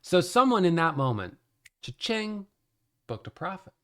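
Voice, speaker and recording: Animated man, slightly higher-pitched voice. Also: a little slow. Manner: animated, amused storytelling with frequent laughs. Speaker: day trading educator. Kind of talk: casual explainer to camera.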